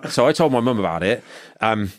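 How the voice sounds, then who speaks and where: A middle-aged man spins a long story in casual chat. His voice sits very low, and the recording is dry and close. He restarts his sentences often and slips into the voices of the people he quotes. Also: lively intonation, fairly quick, no echo. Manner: chatty, restarts often and acts out other people's lines.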